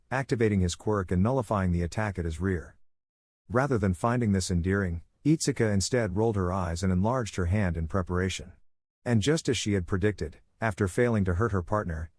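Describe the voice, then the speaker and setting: Casting: male audiobook narrator, low voice, steady reading, dry close-miked sound. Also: a little fast, dry recording. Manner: steady storytelling.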